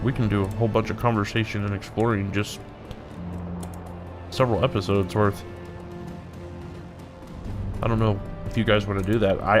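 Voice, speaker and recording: Low-voiced man doing casual game commentary. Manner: casual, rambling, thinking aloud. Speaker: let's play host. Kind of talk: gameplay commentary. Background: faint music.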